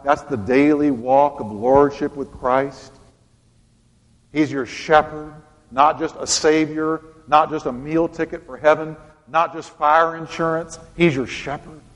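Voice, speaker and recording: A male pastor preaching a sermon with dramatic emphasis, repeating phrases and slowing down on key words. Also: on the high side, fairly even intonation, big-room sound. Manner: dramatic preaching with emphatic repetition and slowed punch lines.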